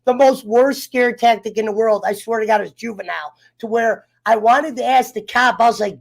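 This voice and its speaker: A man's voice: extremely high pitch, expressive, a little fast, vocal fry, few pauses. A man telling a personal story in casual chat, heated and profane, getting fired up as he talks. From United States. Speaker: round table guest.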